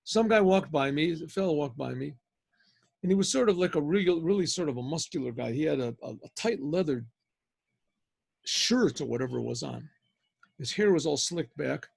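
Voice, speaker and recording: A man's voice: on the high side, expressive, moderate pace, vocal fry, husky, dry recording. A man, a rabbi, telling a story in a rambling, conversational way with many restarts, speaking over a video call. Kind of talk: storytelling talk.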